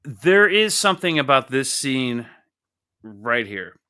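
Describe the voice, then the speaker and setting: A young adult man hosting a casual comic book review, animated, joking and swearing freely. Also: medium pitch, slow, clean tone. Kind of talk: casual podcast chat.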